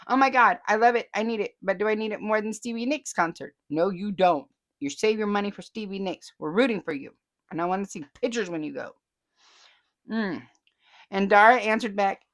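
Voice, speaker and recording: Chatty woman reading comments. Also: medium pitch. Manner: chatty, laughs often, reads comments aloud. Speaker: host. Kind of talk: casual chat reading viewer comments.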